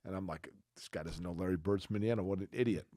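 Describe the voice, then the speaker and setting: Lower-voiced male co-host with playful anecdotes. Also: fast, no room sound, clean studio sound. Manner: animated anecdotes, playful questions. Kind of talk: casual sports talk show chat.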